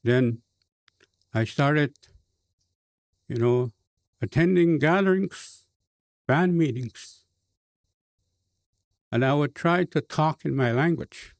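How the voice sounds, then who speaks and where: A man with a Cree accent, a bishop telling a personal story in a slow, halting way with many fillers and restarts. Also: fairly high pitch, no room sound. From Canada.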